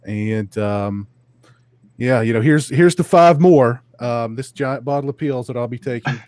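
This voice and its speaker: A man hosting a casual podcast panel, relaxed as he wraps up the show with thanks. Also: mid-range voice, moderate pace, dry recording. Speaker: podcast host.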